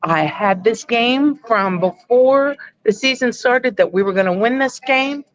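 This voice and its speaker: A woman's voice: on the high side, lively intonation, a little slow, no echo, dull audio. A woman calling into a sports podcast, giving a firm, emphatic fan opinion. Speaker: caller. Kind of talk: casual sports call-in chat.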